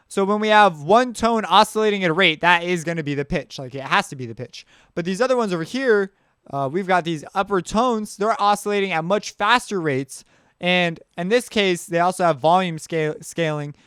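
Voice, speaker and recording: A man's voice: on the high side, a bit bright, clear, resonant tone, no echo, clean studio sound. A man teaching sound basics in a loose, chatty tutorial, thinking aloud as he works. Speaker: music production teacher. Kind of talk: casual screen-share tutorial.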